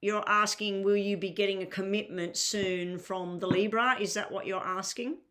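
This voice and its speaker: A tired woman with a crackling voice reads tarot on a live stream, chatting casually with viewers and asking them to clarify their questions, with plenty of filler. Her pitch is medium and her intonation fairly even. She speaks at a moderate pace with a fairly bright tone.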